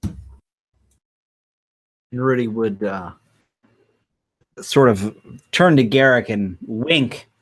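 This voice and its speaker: Relaxed male player thinking aloud at a game table. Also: mid-range voice, drawn-out words, pauses often. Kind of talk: casual chat at a game table.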